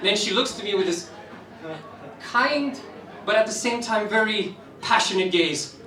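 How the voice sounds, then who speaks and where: Young man, from Romania, spoken-word storytelling, animated, echoey hall, distant mic. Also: high voice, a little slow, background noise. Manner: animated, laughs through the funny parts. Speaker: open mic performer. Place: live stage in a roomy venue. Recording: echoey room, voice from some distance.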